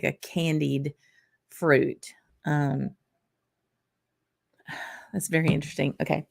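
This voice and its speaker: Southern woman host, low and gravelly, unhurried live-stream chatter with small laughs. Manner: unhurried, thinking aloud, frequent small laughs. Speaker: whisky channel host. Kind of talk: casual live-stream tasting chat.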